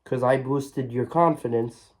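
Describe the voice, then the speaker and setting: A man's voice: mid-range voice, unhurried, a little mellow. A man vlogging an emotional reflection, earnest and heartfelt, often repeating his phrases.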